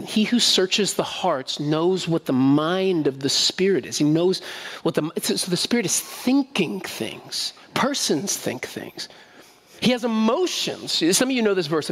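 A man preaching a sermon to his congregation in a relaxed, conversational way, often asking them questions and repeating key phrases. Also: sits high, breathy edge. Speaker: pastor. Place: church sanctuary. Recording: long reverb of a church hall.

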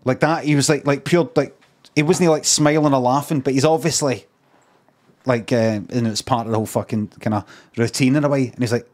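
A man's voice: mid-range voice, fairly even intonation, fairly quick, darkish tone. A Scottish man telling a rambling, sweary anecdote on a live stream. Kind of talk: casual storytelling on a live stream.

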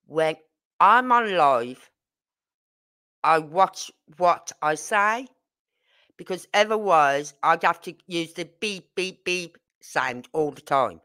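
A livestream host from Birmingham, England, chats casually, performing lively tales about her life and voicing both parties in each conversation. She talks at a slow pace in a bright, forceful voice that sits a little low.

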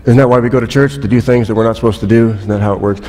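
A man's voice: medium pitch, steady tone, racing, a little mellow, long reverb tail. A man pastor preaching a sermon in a church, telling stories with wry asides in a conversational way. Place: church sanctuary.

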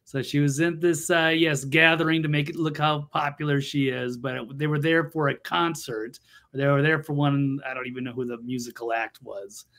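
A man's voice: on the high side, fairly even intonation, moderate pace, fairly bright tone. A man hosting an opinionated political chat show who talks in a blunt, mocking way. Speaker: show host.

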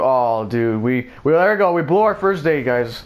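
A young man giving jokey, excitable let's play commentary, with loud bursts of surprise. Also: medium pitch, slow pace, hardly any pauses. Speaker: gameplay commentator. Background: family noise and faint game music.

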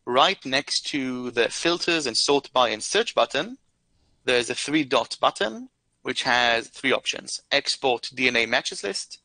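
A man fields questions during an online session and explains features patiently, often pausing with filler sounds as he searches for the right phrasing. His voice is bright and forward, and the recording is dry and close. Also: medium pitch, vocal fry, no room sound, low-quality recording. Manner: careful, explanatory, many "uh" fillers. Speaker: product expert answering questions. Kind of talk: live Q&A explanation.

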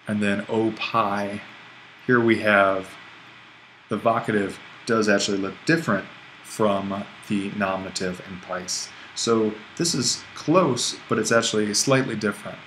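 A man's voice: on the low side, steady tone, unhurried, a bit bright, slight background noise, poor audio. A man teaching a recorded online language lesson, explaining at an easy pace with restarts and small self-corrections. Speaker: Greek language instructor.

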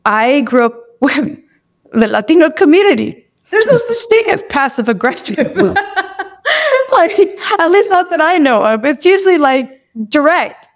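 This young woman has a high-pitched, very animated voice yet keeps a measured pace. Appearing as a podcast guest, she tells a personal story candidly and with emotion, tearing up at moments and using "like" constantly.

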